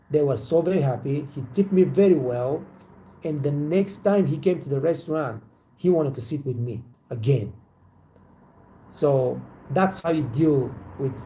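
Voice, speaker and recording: Man, gravelly, mellow tone, rambling, swears, faint background hiss. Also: fairly high pitch, low-quality recording. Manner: rambling, repetitive, swears freely. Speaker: waiter trainer hosting a live Q&A. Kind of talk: casual live Q&A chat.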